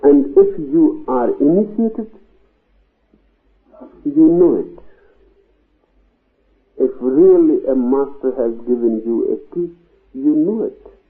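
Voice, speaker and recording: Slow, deliberate man on tinny old tape. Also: mid-range voice, animated. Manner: slow and deliberate, long pauses, emphatic rises on key words. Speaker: spiritual teacher. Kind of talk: slow spiritual discourse.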